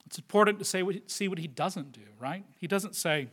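High, bright-voiced male preacher. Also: big pitch swings, brisk, few pauses. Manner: earnest, swinging between loud emphasis and quiet asides; addresses the listeners directly with tag questions. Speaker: pastor. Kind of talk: sermon.

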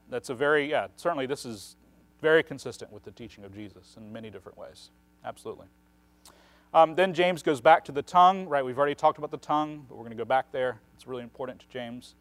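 Man explaining scripture, tagging "right?". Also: mid-range voice. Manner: explains at length, often adds a questioning "right?". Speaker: Bible teacher. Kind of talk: conversational Bible teaching.

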